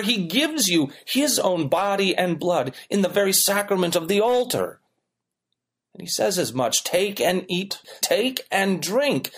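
A man's voice: high-pitched, husky. A man preaching a sermon as a pastor, emphatic and rhythmic, with repeated phrases building up.

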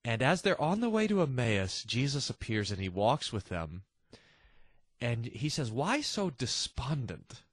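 A man hosts a devotional podcast, speaking earnestly and with animation, frequently starting his sentences over. His voice is mid-range, and the sound is clean studio quality with no room noise.

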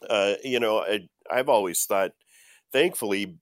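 A man's voice: fairly low pitch, measured pace, dry recording, studio quality. A man co-hosting a Bible study discussion, talking with chuckles and frequent hesitant fillers. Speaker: co-host.

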